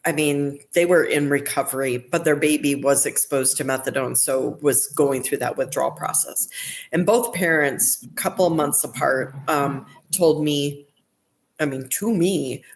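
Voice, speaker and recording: Woman guest on a podcast, low-pitched, chatty clinician who tells stories and restarts her sentences. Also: measured pace. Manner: recounts events with quoted dialogue and restarts. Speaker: neonatal nurse practitioner, podcast guest. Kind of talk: conversational interview storytelling.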